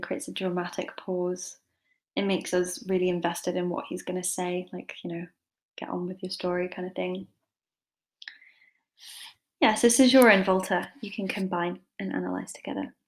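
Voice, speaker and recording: A woman tutors English literature in a relaxed, chatty way, sprinkling in fillers and self-deprecating asides. Her voice sits fairly low and stays flat, with little rise and fall. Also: moderate pace. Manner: chatty and informal, with many fillers. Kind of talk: casual online lesson.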